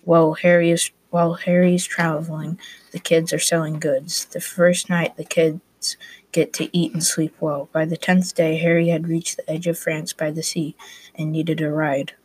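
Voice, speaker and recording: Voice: mid-range voice, level tone, normal speed, breathy edge, no echo. A student narrating a class story aloud, reading plainly with small restarts.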